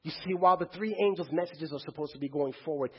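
Husky high-voiced preacher. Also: male voice, fast, highs cut off. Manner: call-and-response preaching, rhetorical questions to the crowd. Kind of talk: sermon. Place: church before a congregation.

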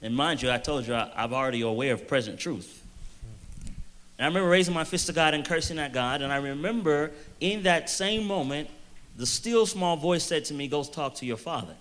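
Bright-voiced man giving earnest testimony. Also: on the high side. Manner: earnest storytelling with hesitant restarts and emphatic slowed phrases. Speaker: youth panel speaker. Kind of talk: personal testimony in a panel Q&A.

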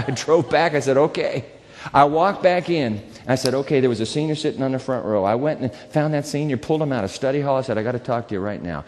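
A male pastor preaches in a relaxed, conversational way and retells a personal story with quoted lines of dialogue. His pitch sits in an ordinary middle range. The sound carries a long reverb from a large church hall. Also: a little fast. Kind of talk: sermon storytelling.

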